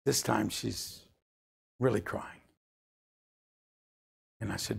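A man's voice: on the low side, fairly even intonation, slow, creaky, long pauses, husky. An older man preaching a sermon, telling a family story and rising into impassioned pleas.

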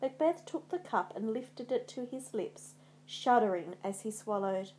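A woman narrating a storybook in a dramatic, measured way. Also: a little high, expressive, a little mellow.

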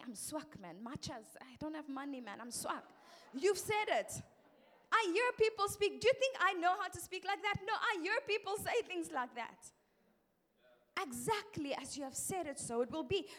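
Emphatic high-voiced woman preaching. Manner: lively, emphatic, quotes others in changed voices. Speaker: pastor's wife preaching. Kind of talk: sermon.

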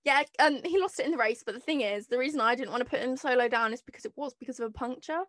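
High-pitched animated woman. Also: fast, no echo, clean studio sound. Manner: animated, jokey, swings between loud and hushed. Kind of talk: casual chat.

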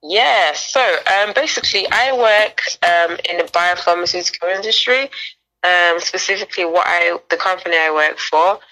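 A woman in her thirties from the UK talks as a podcast guest, explaining patiently and laughing easily. Her voice sits very low with a gravelly edge, yet bright and forceful in tone. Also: normal speed, poor audio. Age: 30s. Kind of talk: casual interview chat.

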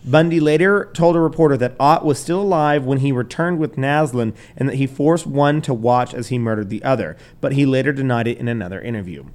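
A man's voice: medium pitch, a little fast, few pauses, a little mellow. A man hosting a podcast, telling a crime story in loose, casual chat, swearing, laughing and tripping over names. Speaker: podcast host.

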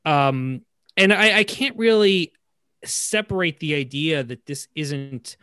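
A man co-hosting a film discussion podcast, talking casually with many fillers and restarts, getting animated as he criticizes. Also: on the high side, slow pace, smooth, no echo, studio quality. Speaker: podcast co-host. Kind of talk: casual film review chat.

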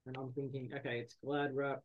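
A man's voice: medium pitch, little pitch movement, brisk, muffled recording. A man chatting on a podcast, hesitant, with dry humour and plenty of ums. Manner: hesitant, many fillers and restarts, dry humour. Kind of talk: casual chat.

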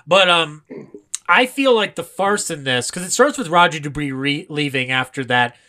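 A podcast co-host in a casual film analysis chat, animated and laughing often. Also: mid-range voice, moderate pace.

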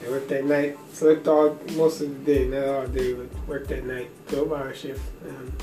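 A man speaks hesitantly in conversation, pausing on fillers as he reflects. He sits back from the mic in an echoing room. Faint music runs underneath. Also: mid-range voice, level tone, mellow, distant mic. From Jamaica. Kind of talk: casual conversation.

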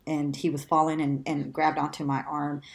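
A woman guest in an interview, telling a long personal story in a lively, conversational way and laughing often. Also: moderate pace, creaky. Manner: animated, laughs often, acts out quotes in a much higher voice.

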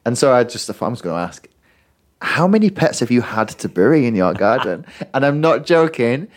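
A man's voice: medium pitch, big pitch swings, brisk. A man, co-hosting a casual podcast, telling a dry story and acting out a child's replies. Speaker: podcast co-host, primary school teacher. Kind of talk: casual chat.

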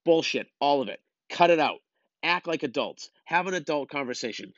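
A man rants bluntly at his listeners, exasperated and lecturing. His voice sits a bit high for a man. The recording is dry and a touch muffled. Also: animated, normal speed, no room sound. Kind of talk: opinion rant.

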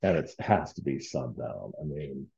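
A man's voice: rumbling low, sing-song, moderate pace, gravelly, dark tone, highs cut off. A man hosting a casual solo podcast, rambling and heartfelt with many fillers. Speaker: podcast host.

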